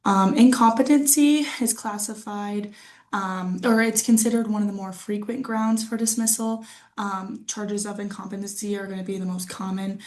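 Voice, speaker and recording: A woman's voice: medium pitch, steady tone, moderate pace, a little mellow. A woman student reading a class presentation from notes, with frequent fillers and restarts.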